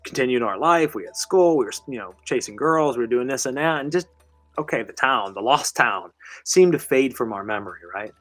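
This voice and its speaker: A man's voice: mid-range voice, lively intonation, fairly quick, a bit bright, dry recording, faint music behind. A man hosting a live show, telling a story in a casual, rambling, conversational way with casual swearing. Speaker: host.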